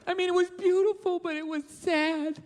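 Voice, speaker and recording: A male comedian voicing his emotional, worried wife with soft, drawn-out speech. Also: very high-pitched, steady tone, voice pushed up. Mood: tender. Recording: large hall reverb, faint room noise.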